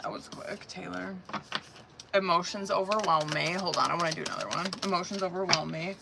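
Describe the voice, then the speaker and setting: A woman doing tarot readings on a live stream, talking in a casual, slangy, profane way and laughing often. Her throat is sore, so she keeps her voice soft. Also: on the low side, a little fast, creaky, heavy background noise. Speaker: tarot reader.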